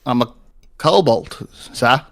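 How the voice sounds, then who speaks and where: A man's voice: mid-range voice, lively intonation, takes it slowly. A man voicing a cheeky, chummy male kobold lord who keeps calling the player governor.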